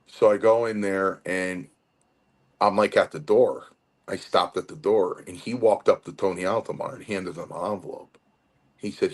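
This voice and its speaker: A man's voice: sits low, normal speed. A man in his fifties, from Connecticut, telling a long wrestling-school story in an interview with many restarts. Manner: rambling, animated storytelling with restarts. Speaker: guest wrestler.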